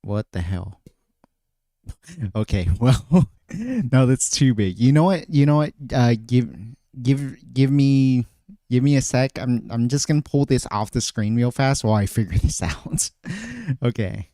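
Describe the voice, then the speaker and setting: A man's voice: mid-range voice, lively intonation, measured pace, dark tone, dry recording, clean studio sound. A man streaming casually, thinking aloud, often trailing off and restarting his phrases. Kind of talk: casual livestream chat.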